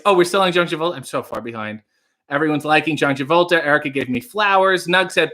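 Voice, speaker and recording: A man's voice: fairly high pitch, expressive, fast talker, sharp tone. A man hosting a casual livestream, telling rambling stories and reading out chat comments. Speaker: livestream host.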